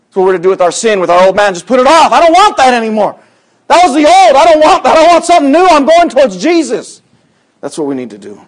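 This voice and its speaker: High-voiced man preaching a sermon. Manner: conversational preaching, acts out quoted voices with sudden loud high bursts.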